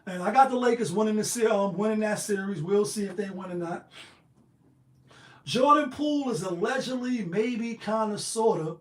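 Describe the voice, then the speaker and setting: A man's voice: high-pitched, normal speed. A man hosting a livestream, delivering a profane, fiery monologue. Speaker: livestream host. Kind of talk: heated monologue. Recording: echoey room.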